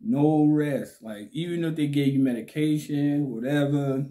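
A man hosting his own vlog in a relaxed, slangy way, talking with a slight lisp because his cheeks are swollen. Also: on the high side. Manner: slow, laid-back, slangy, laughs often. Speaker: channel host. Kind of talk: casual vlog talk to camera.

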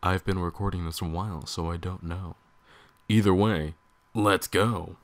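A young man hosting a casual let's play, goofy and jokey, swinging between mumbles and loud outbursts. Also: low voice, fairly even intonation, measured pace. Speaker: game streamer host. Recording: faint game music behind.

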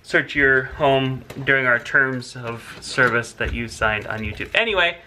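Bright-voiced man teaching drawing. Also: mid-range voice, steady tone, unhurried, a little hiss or hum. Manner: chatty, teasing, narrates each stroke. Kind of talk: casual drawing tutorial.

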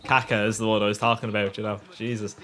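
Fairly low in pitch and quick in pace, this young man provides gameplay commentary on a football video game as a gaming YouTuber. He laughs frequently, swears heavily and drifts into excitable, rambling asides.

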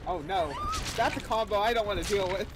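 A man's voice: high-pitched, fairly quick, noisy background. A man co-hosting a game stream, teasing his friend with playful, laughing commentary.

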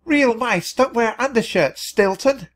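A man's voice: wildly swooping pitch, measured pace, exaggerated voice. A man voicing a bossy, shrieking female mouse drill instructor who barks commands in a storybook reading. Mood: barking. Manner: shrill, barking commands.

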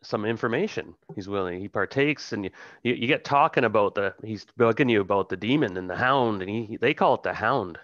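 A man with a lowish voice narrates a tabletop game as its game master. He rambles and hesitates, filling gaps with ums. The recording is dry and muffled. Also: brisk, fairly bright tone, dry recording.

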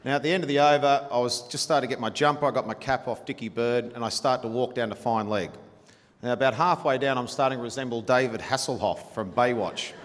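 A man's voice: medium pitch, fast talker. A man in his forties with an Australian accent, telling a chatty, blunt, profane sporting anecdote to a dinner audience and laughing along. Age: 40s. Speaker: guest storyteller. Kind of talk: after-dinner anecdote on stage. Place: large dinner hall. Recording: reverberant hall, faint room noise.

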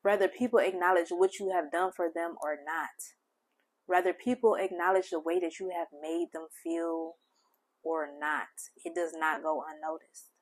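A woman hosting a spiritual channel, speaking gentle, heartfelt affirmations straight to the listener. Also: lowish voice, fairly even intonation, normal speed. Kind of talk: affirming spiritual message to the viewer.

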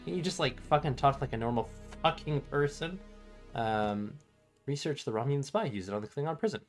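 A man streaming a retro strategy game from home, talking casually to chat, excitable, swearing often and stumbling over words. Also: medium pitch, brisk, soft background music.

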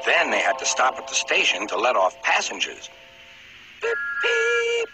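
A man narrating a children's storybook in a lively, expressive reading style. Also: mid-range voice, brisk, rough recording. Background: music.

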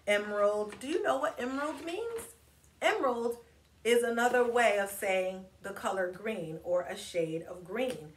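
Slow, encouraging woman reading to kids. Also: on the high side, fairly bright tone, recorded from a distance. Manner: slow, encouraging, spells and claps words with kids. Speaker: storytime reader. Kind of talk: children's read-aloud lesson. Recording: echoey room with faint noise.

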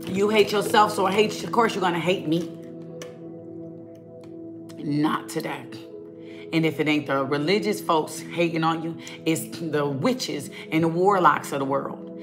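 A woman's voice: deep voice, measured pace, pauses often, music in the background. A woman ministering online, preaching a fiery rant at her viewers, emphatic and scolding, with lots of repetition and casual talk.

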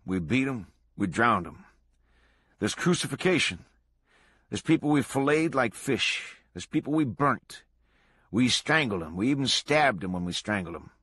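A man voicing an excitable male murderer who boasts eagerly of killing, in a raised voice. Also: medium pitch, unhurried, breathy edge, dry recording, studio quality, voice pushed up, full character voice. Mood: gleeful.

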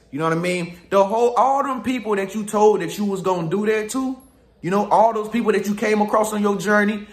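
Slangy animated man, echoey room. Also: high-pitched, a little fast. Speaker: spiritual relationship advisor. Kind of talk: casual pep-talk monologue.

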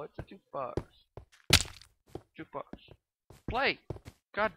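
A woman's voice: low voice, unhurried, gravelly, long pauses. A woman casually commenting on her gameplay, chatting to the characters on screen, swearing and giggling as she goes. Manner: excitable, swearing, giggly, talks to game characters. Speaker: let's play gamer. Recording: loud background noise.

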